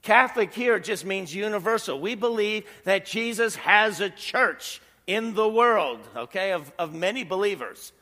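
A man's voice: sits high, lively intonation, measured pace, hardly any pauses, sharp tone, big-room sound. A middle-aged man preaching a sermon as pastor, in a conversational way that leans on rhetorical questions.

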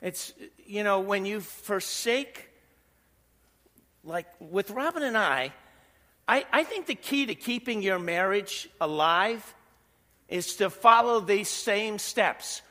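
A man's voice: high-pitched, animated, takes it slowly, pushed and bright, long reverb tail. A middle-aged man preaching a sermon as pastor, in a conversational way that leans on rhetorical questions.

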